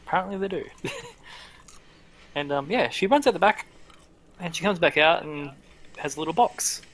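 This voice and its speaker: Bright-voiced man running a tabletop game. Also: on the high side, lively intonation, normal speed. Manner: chatty, with many fillers. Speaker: game master.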